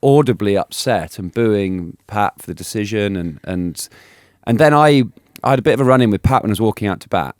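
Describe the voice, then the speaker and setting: A man in his thirties telling animated stories as an interview guest, laughing and restarting often. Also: lowish voice, brisk, hardly any pauses, smooth, no echo, clean studio sound. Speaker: guest, former cricketer. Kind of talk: casual storytelling interview.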